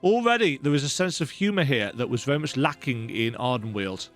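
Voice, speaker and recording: A man's voice: mid-range voice, expressive, a little fast, faint music behind. A man giving casual gameplay commentary, full of wry, joking asides. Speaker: let's play host.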